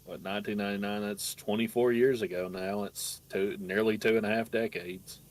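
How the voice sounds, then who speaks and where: A man's voice: on the low side, fairly even intonation, normal speed. A man playing a game with a friend on a stream, explaining the game and teasing his co-player in a dry way. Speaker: guest co-player. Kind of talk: casual gameplay chat.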